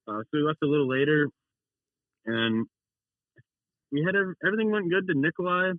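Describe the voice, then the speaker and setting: On a casual call, a young man rambles through a story about a race, acting out what he and his teammate said. His voice is on the high side, animated and fairly quick, over a dry, tinny phone line.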